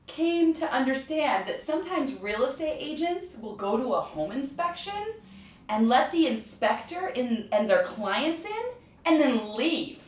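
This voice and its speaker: A woman real estate agent chatting casually, telling anecdotes with quick asides. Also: sits high, lively intonation. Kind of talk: casual chat. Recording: roomy echo, distant mic.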